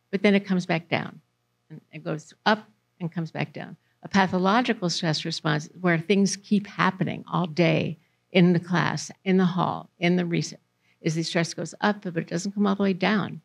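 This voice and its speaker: Low-voiced, gravelly woman presenter. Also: steady tone, normal speed. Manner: conversational, asks the audience questions. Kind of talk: library presentation to parents. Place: library meeting room.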